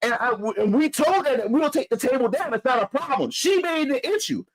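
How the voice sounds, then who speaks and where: A man's voice: extremely high pitch, lively intonation, brisk, poor audio. A man from Philadelphia telling a story in a heated, profane, repetitive rant. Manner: heated, profane, repeats himself. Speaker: vlogger.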